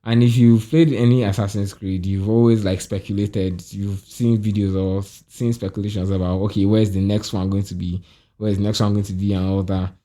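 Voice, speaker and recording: A man's voice: on the low side, level tone, a little fast, warm tone. A Nigerian man co-hosting a podcast in casual chat, joking and rambling with frequent laughs. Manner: jokey, rambling, laughs often. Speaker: podcast co-host.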